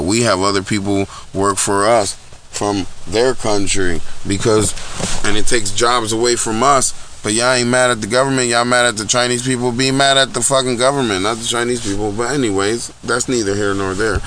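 Young man, lowish voice, casual podcast rant, profane and blunt, cheap home mic, faint background hum. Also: bright, forceful tone. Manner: blunt, profane, repetitive ranting. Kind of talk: casual commentary. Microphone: low-end home recording setup.

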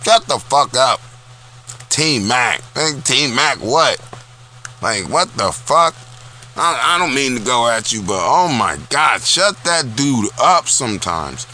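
Forceful, foul-mouthed ranting man. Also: medium pitch, big pitch swings, slow pace, a little hiss or hum. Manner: blunt, profane, repetitive ranting. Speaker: vlog host. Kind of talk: casual profane rant. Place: small town.

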